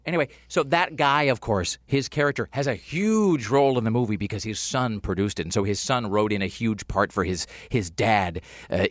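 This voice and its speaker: A man's voice: mid-range voice, fairly bright tone, no echo. A man co-hosting a podcast in casual chat, rambling and joking. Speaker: podcast co-host.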